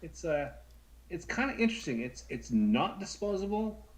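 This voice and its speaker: Co-host, a man in his thirties, chatty and animated, repeating himself as he tells a story. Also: high-pitched, normal speed, low-quality recording. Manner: animated, stammering, acts out voices in anecdotes. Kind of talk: casual storytelling chat.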